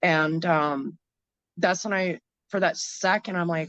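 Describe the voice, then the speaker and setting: A woman from Canada, a guest in an interview, telling a hard personal story in a frank, halting way with many fillers and restarts. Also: fairly low pitch, fairly even intonation, a bit bright, no room sound, dull audio.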